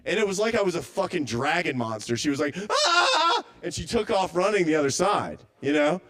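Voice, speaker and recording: A man's voice: fairly high pitch, animated, a little fast. A man doing a stand-up set at a live open mic, rambling and self-doubting, stammering through restarts.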